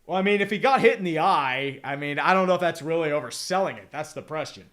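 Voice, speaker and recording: Young male streamer, high-pitched, rapid excitable play-by-play, swears freely, drifts into rambling chat asides. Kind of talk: casual hockey play-by-play with chat reading.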